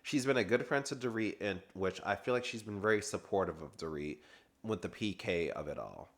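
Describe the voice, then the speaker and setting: A man's voice: fairly low pitch, expressive, a little fast. A man giving a casual, sassy recap review of a reality TV reunion, chatting and laughing as he goes.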